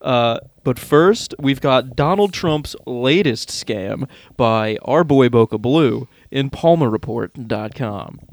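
A man's voice: medium pitch, animated, slow pace, few pauses, dry recording. A man with a mid-range voice co-hosts a podcast and laughs often between his lines. The sound is dry and close, with no room sound. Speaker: podcast co-host. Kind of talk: casual profane podcast banter.

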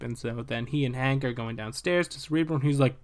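A young man casually retelling a movie plot, animated and profane, dropping into quick voices for the characters. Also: mid-range voice.

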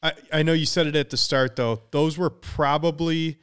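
A man's voice: a little high, steady tone, normal speed, fairly bright tone, clean tone. A man co-hosting a casual sports podcast, making emphatic, opinionated points and swearing for emphasis. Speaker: podcast co-host.

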